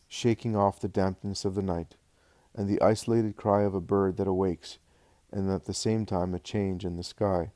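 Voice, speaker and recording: A man narrates a devotional book in a calm, measured reading. His voice is low and dark. The recording is dry and close. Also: no echo. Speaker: audiobook narrator.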